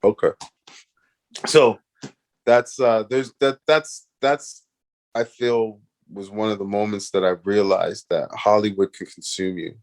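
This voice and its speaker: A man's voice: on the low side, steady tone, unhurried, a little mellow. A man from Canada, a guest in an interview, telling a story animatedly with laughs and restarts.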